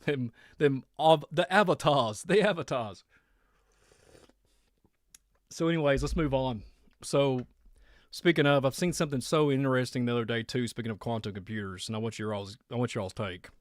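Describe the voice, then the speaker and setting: A man's voice: mid-range voice, normal speed, dry recording, clean studio sound. Laughing Kentucky country man. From Kentucky, USA. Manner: rambling, laughs often. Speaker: host. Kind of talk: casual radio-style monologue.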